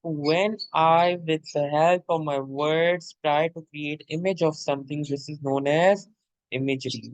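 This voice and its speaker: A fairly high-pitched man teaching literature in a patient, repetitive lecture style. He keeps checking in with his listener. The sound is dry and close. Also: no echo, poor audio. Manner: repeats points, frequent "okay?" check-ins; addresses listener as "my dear". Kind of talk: explanatory lecture.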